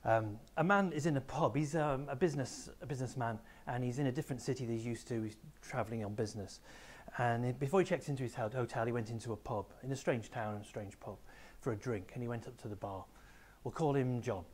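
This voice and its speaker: A man's voice: medium pitch, quick pace, few pauses, darkish tone, slightly rough. Male teacher giving an assembly talk. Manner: explanatory, addresses pupils directly. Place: school room with a small live audience.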